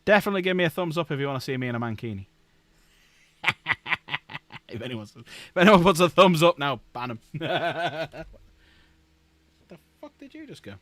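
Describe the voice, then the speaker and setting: A man's voice: fairly high pitch, expressive, normal speed, long pauses, fairly bright tone, dry recording. A man hosting a casual live stream at his desk, joking, swearing and laughing often. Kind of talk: casual live-stream chat while building models.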